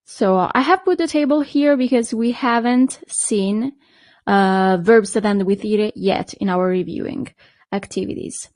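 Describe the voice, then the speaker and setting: A woman teaching to beginners, speaking slowly and patiently and repeating each word twice. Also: mid-range voice, a little mellow, no echo, studio quality. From Italy. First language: Italian. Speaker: Italian teacher. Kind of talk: language lesson.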